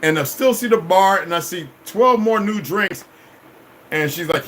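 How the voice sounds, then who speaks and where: A man's voice: sits high, lively intonation, measured pace, a bit bright, slight background noise, low-quality recording. Profane, rambling middle-aged man. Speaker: vlogger. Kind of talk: casual storytelling monologue.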